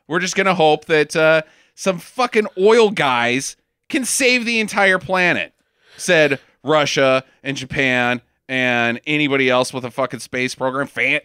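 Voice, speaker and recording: Brief: sarcastic, profane male podcast host, bright and animated, slightly higher voice. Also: clean tone, no echo, clean studio sound. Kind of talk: casual comedic movie riffing.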